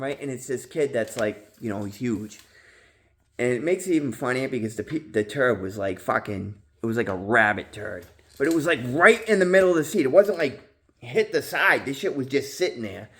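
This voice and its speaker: Man, casual vlog monologue, rambling, slang and swearing, lots of fillers, middle pitch, loud high bursts when acting out his old yelling. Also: lively intonation, normal speed. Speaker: vlogger in recovery.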